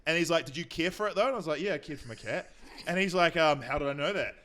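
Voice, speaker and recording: Comedian guest with a New Zealand accent: quick, higher-pitched, animated anecdotes. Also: male voice, a little hiss or hum. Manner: rambling anecdotes with mocking quoted voices. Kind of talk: casual chat, storytelling.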